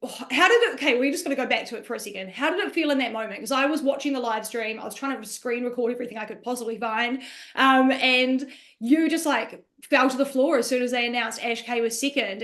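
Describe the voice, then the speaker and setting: A woman's voice: high-pitched, a bit bright. A woman hosting a casual podcast interview, gushing and affectionate toward her guest. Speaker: podcast host.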